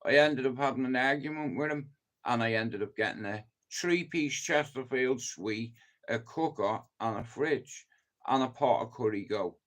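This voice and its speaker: A man's voice: mid-range voice, normal speed, a bit bright. An Irish man streaming live, telling stories in a sweary, emphatic way. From Ireland. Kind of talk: casual live-stream monologue.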